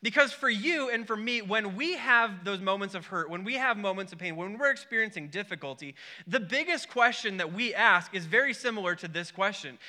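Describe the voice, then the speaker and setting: A young adult man preaching a sermon, opening with an animated, self-deprecating story. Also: high voice. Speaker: pastor.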